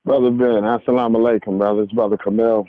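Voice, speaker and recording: A New York man calls in to a radio show over a tinny phone line, his voice lowish and level as he talks fast. He's earnest and preachy, restarting his sentences often in an impassioned bit of call-in commentary.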